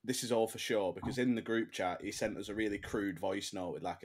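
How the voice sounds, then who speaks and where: A man with a fairly low voice co-hosting a casual podcast. He teases the others good-naturedly and laughs easily between his questions. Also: brisk, few pauses. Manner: teasing and laughing. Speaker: podcast co-host. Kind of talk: casual chat.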